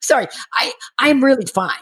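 A middle-aged woman casually telling a personal recovery story, animated and acting out what people said, laughing now and then. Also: high voice, moderate pace, slightly rough. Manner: animated, acts out quoted voices, laughs while telling.

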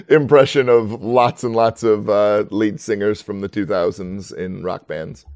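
A man's voice: fairly low pitch, fairly even intonation, measured pace, a little mellow, dry recording, clean studio sound. A man chatting casually at a tabletop game session, joking around and bursting into rock singing impressions. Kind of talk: casual chat.

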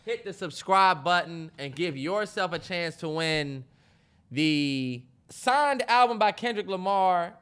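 A man co-hosting a podcast in casual chat, animated, laughing loudly and acting out what people would say. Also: high voice, slow pace, clear, resonant tone. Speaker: podcast co-host.

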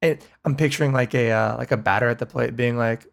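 Gravelly man reacting on a podcast. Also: mid-range voice, brisk. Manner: animated reactions, joking. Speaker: podcast co-host. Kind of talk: casual chat.

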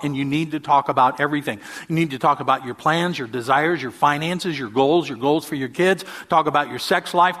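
Animated older man preaching. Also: on the high side. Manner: animated storyteller, quick bursts and drawn-out emphasis. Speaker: pastor. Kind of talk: sermon with personal storytelling.

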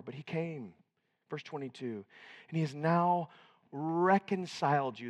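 Male preacher, higher-pitched, theatrical loud-to-quiet swings, recorded with long hall reverb. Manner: dramatic, swinging from shouted to hushed. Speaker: pastor. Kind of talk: sermon.

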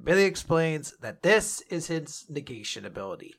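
A man retells a story in a casual, animated way, often slipping into characters. His voice is gravelly with a bright, forceful edge. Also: a little high, normal speed, few pauses.

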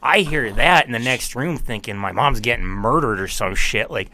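A man's voice: mid-range voice, expressive, moderate pace, sharp tone, a little hiss or hum. A man co-hosting a casual podcast chat, telling long rambling anecdotes and swearing freely.

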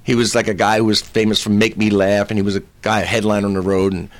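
Fast-talking older comedian spinning a yarn. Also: male voice, lowish voice. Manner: animated storyteller, acting out voices. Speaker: comedian guest. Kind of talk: telling a comic anecdote.

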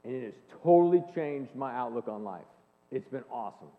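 A man in his forties giving an earnest, animated faith-based talk, telling personal stories to an audience in a large hall. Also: mid-range voice, brisk. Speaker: speaker and leadership coach. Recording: long hall reverb, phone-like band.

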